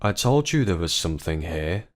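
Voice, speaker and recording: A man's voice: big pitch swings, normal speed. A man voicing a frantic, pleading wife. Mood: puzzled. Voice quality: low voice pushed higher for a woman. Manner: pleading, then shouting. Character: distraught adult woman confronting her husband.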